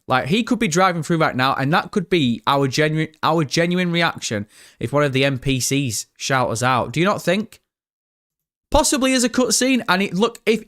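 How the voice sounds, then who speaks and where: A man streams live and talks through a trailer scene by scene for his chat. His voice sits a little high for a man, and he swears casually as he reads and answers comments. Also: fairly bright tone. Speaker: gaming streamer.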